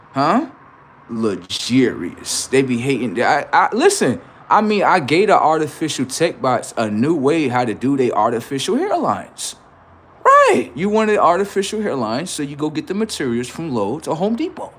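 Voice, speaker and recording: A man's voice: medium pitch, husky. Brash man roasting on a livestream. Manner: brash, mocking, riffing with rhetorical questions. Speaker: livestream host. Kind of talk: improvised comedy roast on a livestream.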